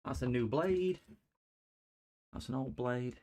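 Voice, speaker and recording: A man's voice: mid-range voice, slow pace, a little mellow. A man chatting casually and cracking puns to viewers while he works on a live stream repair. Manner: chatty, joking with chat viewers, punny. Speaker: livestream host repairing electronics.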